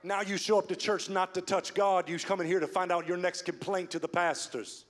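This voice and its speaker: A man preaching a sermon as pastor, swinging from hushed, slow lines to loud, fast build-ups. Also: high voice, fairly even intonation. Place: church sanctuary. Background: soft music.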